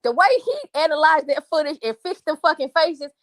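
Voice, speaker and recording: A woman's voice: high-pitched, a little fast, no echo, clean studio sound. A woman hosting a livestream, venting angrily to her viewers in a profane, repetitive rant. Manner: angry, profane, repetitive, addresses chat as y'all. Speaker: livestream host.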